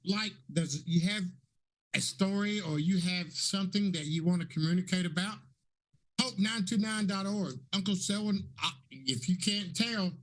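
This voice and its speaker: A man in his fifties with a raspy voice, talking effusively on a panel and repeating encouraging phrases like a preacher. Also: high-pitched, normal speed, fairly bright tone. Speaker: panelist and talk show host. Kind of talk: casual panel talk.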